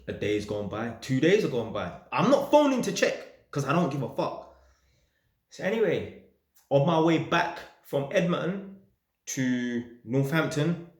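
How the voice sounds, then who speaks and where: A man telling a story in an animated way, swearing and bursting into shouts. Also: mid-range voice, roomy sound. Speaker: landlord vlogger. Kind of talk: casual storytelling rant.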